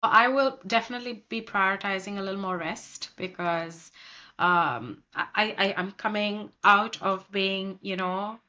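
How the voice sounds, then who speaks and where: A woman yoga therapist as a podcast guest, speaking calmly and unhurriedly while slightly under the weather. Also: mid-range voice, unhurried, lo-fi sound. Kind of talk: casual interview chat.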